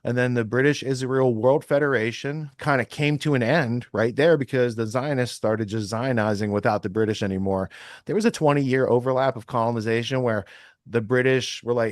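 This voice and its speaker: A man hosting a podcast at an everyday mid pitch, talking loosely and thinking aloud as he clicks through sources. His voice is dry and close to the mic, with no room sound around it. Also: normal speed, no room sound. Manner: rambling, thinking aloud while browsing sources. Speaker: podcast host. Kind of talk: casual podcast talk.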